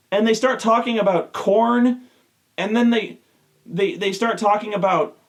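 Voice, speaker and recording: A man hosting a show, ranting with exasperation and heavy swearing. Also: high-pitched. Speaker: show host. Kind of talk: profane rant.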